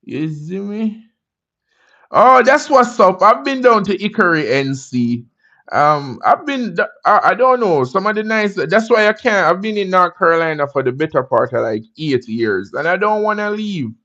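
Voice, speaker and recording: A man's voice: sits high, big pitch swings, sharp tone, highs cut off. A Jamaican man hosting a casual livestream chat. He answers viewer comments and greets viewers by name. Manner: laid-back, drawn-out, greets viewers by name. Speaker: livestream host.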